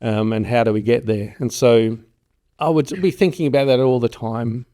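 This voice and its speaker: A middle-aged farm consultant, interviewed, tells stories in a rambling, casual way at a moderate pace. His voice is medium-pitched, and he animatedly acts out the voices of people he quotes.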